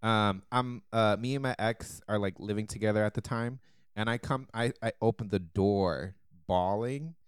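A man with a lowish, smooth voice tells a story in casual podcast chat. His delivery is animated and broken up by frequent laughter. The recording is dry and close to the mic. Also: moderate pace, no room sound. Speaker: podcast co-host.

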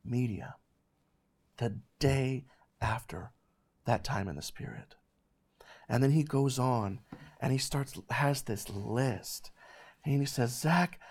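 A man in his thirties, host of a ministry show, telling a personal faith testimony in an animated, emphatic way. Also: medium pitch, slow, long pauses, breathy edge. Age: 30s.

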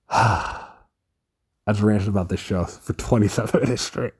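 A young man alone at home, recording a casual solo rant on his phone, rambling excitedly and swearing often. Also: lowish voice, unhurried, husky. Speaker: podcast host. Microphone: phone recording app.

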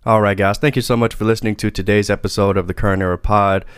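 Male podcast host, easygoing and rambling, lowish voice, dead-dry close sound. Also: level tone, fast talker, clear, resonant tone, no echo. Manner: laid-back, rambling, laughs a lot. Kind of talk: casual podcast chat.

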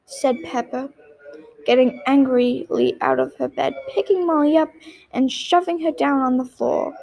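A woman's voice: high voice, fairly even intonation, a little slow, vocal fry, darkish tone, rough recording. A woman reading a storybook aloud, with small slips and restarts.

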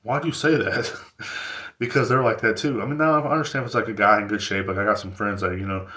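Male podcast host, lowish voice, loose profane rambling delivery, roomy echo. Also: steady tone, fast talker, sharp tone. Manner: rambling, profane, filler-heavy. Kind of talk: casual solo podcast rant.

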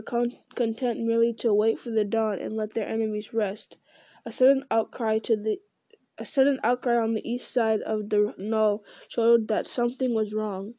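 A woman reads a fantasy novel aloud in an even, unhurried manner, now and then restarting a phrase. Her voice sits a little high with a warm, mellow tone, and the recording is close and dry. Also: no room sound. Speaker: audiobook reader.

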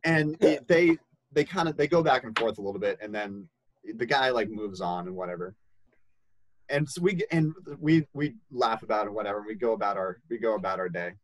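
A man's voice: lowish voice, a little fast, dry recording, rough recording. Laid-back young man telling a story. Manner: animated, laughing, acts out quoted voices. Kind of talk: casual storytelling.

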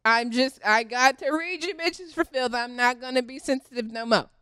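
A woman ranting straight to camera in a blunt, profane, confrontational way, swinging between loud outbursts and low muttering. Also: normal speed, clear, resonant tone, dry recording, clean studio sound. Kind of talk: direct-to-camera rant.

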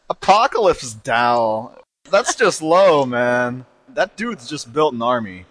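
A man's voice: medium pitch, slow pace, no echo. Joking male podcast host, dry sound. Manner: joking, laughs often, animated. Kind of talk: casual chat.

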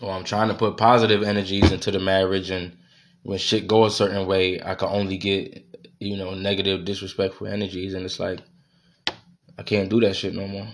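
A man's voice: sits low, little pitch movement, a little fast, slight background noise. Heated, cursing man venting. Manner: profane, heated, repeats himself. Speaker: podcast host. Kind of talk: venting monologue.

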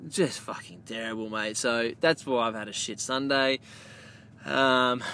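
A man's voice: medium pitch, normal speed. Rambling, cursing Australian man, faint hiss. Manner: rambling, swears freely, calls listeners mate; gets loud and animated telling the punchline. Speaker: podcast host. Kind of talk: casual storytelling monologue.

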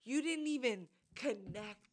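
A woman's voice: fairly high pitch, expressive, measured pace, crowd noise. A woman from New York co-hosting a podcast, teasing her friend and quoting others in a casual chat. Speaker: podcast co-host.

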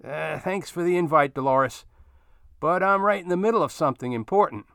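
A man's voice: on the high side, brisk, vocal fry, fairly bright tone, clear, resonant tone, dry recording, studio quality, pitched above the performer's own voice. A man voicing a courteous, slightly curt older man who acts as unofficial mayor of his street.

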